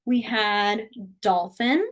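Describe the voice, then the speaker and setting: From a small room over a video call, a woman teaches a beginner sign language class, explaining step by step in a chatty way and laughing often. Her voice is medium in pitch and she draws out her words.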